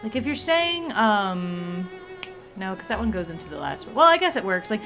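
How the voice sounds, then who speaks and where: A woman's voice: medium pitch, sing-song, normal speed, pushed and bright, faint music behind. A woman chatting casually on a livestream, rambling along with many fillers and restarts. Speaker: streamer.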